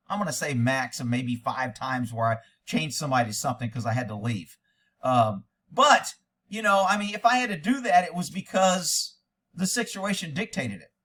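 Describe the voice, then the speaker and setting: A man's voice: on the high side, bright, forceful tone. A middle-aged man, a former police officer, giving blunt, profane casual commentary and laughing often.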